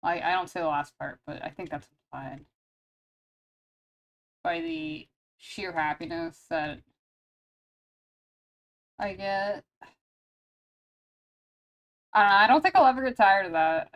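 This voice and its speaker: A woman streaming live as she draws, chatting casually and gushing, with quick mock-dramatic asides. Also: mid-range voice, sing-song, vocal fry, highs cut off. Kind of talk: casual live-stream chat while drawing.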